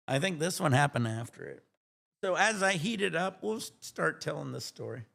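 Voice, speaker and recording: Gravelly rambling streamer man. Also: a little high, expressive, normal speed, a bit bright. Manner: rambling, profane, self-correcting. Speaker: live streamer. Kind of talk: casual storytelling.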